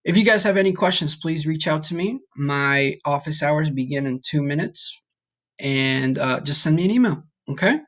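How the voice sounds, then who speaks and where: A man's voice: fairly high pitch, animated, moderate pace, fairly bright tone. Encouraging male Spanish teacher. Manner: patient, encouraging, checks in with "okay?". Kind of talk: recorded online lesson.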